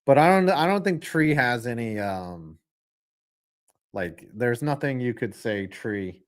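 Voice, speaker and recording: A young man hosting a live football reaction stream, ranting with lots of swearing and calling plays with sudden bursts of excitement. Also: mid-range voice, slow. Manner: profane, ranting, jumps into excited play calls.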